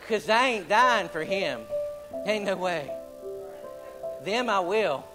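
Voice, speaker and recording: A man preaching a folksy sermon, building to loud, emphatic stretches. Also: high-pitched, lively intonation, takes it slowly, pauses often, over music, rough recording. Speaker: pastor.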